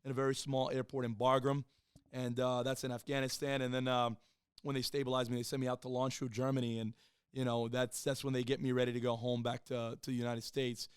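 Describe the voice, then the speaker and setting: A man in his thirties, a podcast guest, telling his own story in a casual, profane, animated way and acting out the people he quotes. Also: mid-range voice, a little fast, clean tone, no echo, clean studio sound. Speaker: podcast guest, former Marine and police officer.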